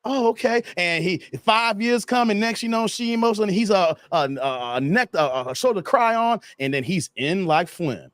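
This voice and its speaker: A man hosting a casual livestream chat, animated and laughing often as he reads viewer comments and tells stories. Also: high-pitched, moderate pace, few pauses, no room sound. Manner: storytelling, acts out quotes. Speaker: host.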